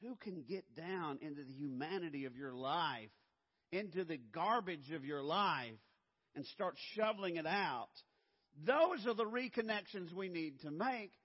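A man preaching a sermon as pastor, swinging from hushed low lines to loud, urgent emphasis. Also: expressive, unhurried, slightly rough. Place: church sanctuary. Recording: dull lo-fi sound, long hall reverb.

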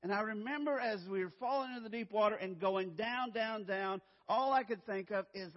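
A man telling a personal story to an audience, dramatic and swinging from loud to hushed. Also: high voice, normal speed, few pauses. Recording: dull, echoey hall recording.

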